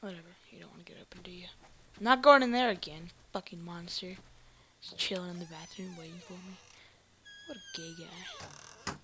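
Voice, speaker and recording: A woman's voice: fairly low pitch, wildly swooping pitch, fast talker, fairly bright tone, slight background noise. A young woman playing a horror game, muttering to herself, then screaming and swearing when startled.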